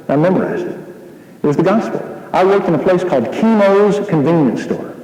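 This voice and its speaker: Man, sermon, animated storyteller, slightly high voice, reverberant hall. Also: brisk. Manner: animated storytelling, acting out dialogue. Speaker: pastor. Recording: echoey hall.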